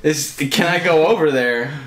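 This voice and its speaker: A man's voice: a little high, moderate pace. A young man hosting a podcast, firing off teasing, provocative questions in casual chat. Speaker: podcast host. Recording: echoey room with clear background noise.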